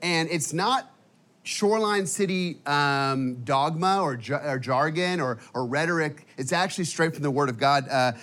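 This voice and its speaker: Energetic preacher man, casual and fired up. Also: fairly high pitch, normal speed. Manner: energetic, casual, many fillers and restarts. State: emotional at times. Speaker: guest preacher. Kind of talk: sermon. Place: church auditorium.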